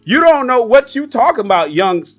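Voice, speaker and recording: A loud, high-pitched, scornful older woman who sneers and snaps her words at younger women, as a man puts her on in a mocking falsetto. Her voice stays high and forceful throughout, with faint guitar music behind. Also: sing-song, normal speed. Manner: high mocking sassy voice, neck-snapping attitude. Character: bitter older woman in a chat, sassy, scornful.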